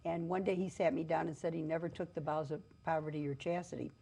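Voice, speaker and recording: Low-voiced woman hosting a chat show. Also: fairly even intonation, fast, vocal fry, dark tone. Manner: laughs often, chatty. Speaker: host. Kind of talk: casual talk show chat.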